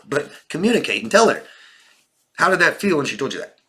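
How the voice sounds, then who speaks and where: A man's voice: a little high, sing-song, brisk, pushed and bright. A man coaching viewers in a Q&A, talking in an earnest, direct way with many restarts. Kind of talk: Q&A advice talk.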